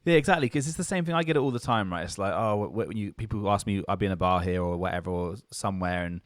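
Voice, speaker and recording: Podcast co-host: young southern English man, low voice, quick rambling delivery, dry close sound. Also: dry recording. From England. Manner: rambling, loose storytelling with many fillers and restarts. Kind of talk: casual chat.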